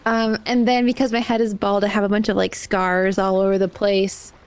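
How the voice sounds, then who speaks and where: A woman's voice: mid-range voice, level tone, moderate pace, clean tone. A woman player describing her character in a loose, chatty way, laughing often. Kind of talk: casual chat.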